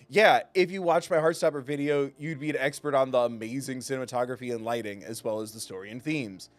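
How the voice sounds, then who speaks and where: A man's voice: medium pitch, fairly even intonation, a little fast. A man streaming a video game live, chatting with his viewers in a playful, self-mocking way and laughing often. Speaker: gaming streamer. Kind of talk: casual live-stream commentary.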